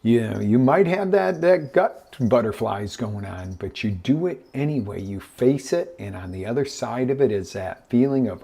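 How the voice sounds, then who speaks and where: A man's voice: medium pitch, moderate pace, creaky, slightly rough. A man hosting a live motivational coaching show, telling stories and acting out voices in them. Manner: animated storytelling, acting out voices in his stories. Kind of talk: motivational talk. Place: live online broadcast.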